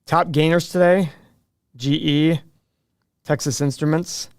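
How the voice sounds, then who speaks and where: A man's voice: a little high, steady tone, slow pace, darkish tone, no room sound, clean studio sound. A middle-aged man hosting a casual livestream, answering viewer questions with jokes and self-deprecating asides.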